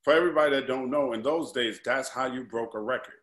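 A man's voice: medium pitch, quick pace, fairly bright tone. A middle-aged man hosting a podcast interview, conversational and prompting his guest with questions. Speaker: podcast host. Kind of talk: casual interview. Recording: roomy echo.

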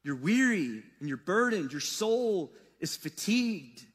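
A man preaching a sermon in a loose, conversational way, swinging between loud and soft. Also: sing-song, measured pace, husky. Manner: casual, conversational preaching with wide swings in pitch and loudness. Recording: long reverb of a large hall.

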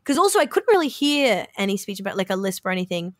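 A woman's voice: mid-range voice, sing-song, fast, no room sound. Chatty woman telling a story on a dry mic. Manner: chatty, acts out quoted dialogue. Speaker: podcast co-host. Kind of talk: casual storytelling chat.

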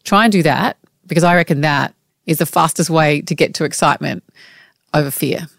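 A woman's voice: deep voice, a little fast, vocal fry, dry recording, studio quality. A woman co-hosting a podcast, offering upbeat, conversational advice. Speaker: podcast co-host. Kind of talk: encouraging pep talk.

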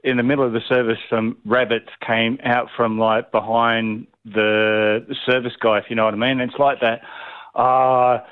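A man's voice: mid-range voice, little pitch movement, moderate pace, clean tone. Hesitant Australian man on a phone line. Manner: hesitant, many ums. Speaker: caller.

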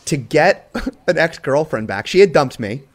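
Man co-host, higher voice, very lively pitch, joking. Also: moderate pace. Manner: expressive, joking. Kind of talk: casual chat.

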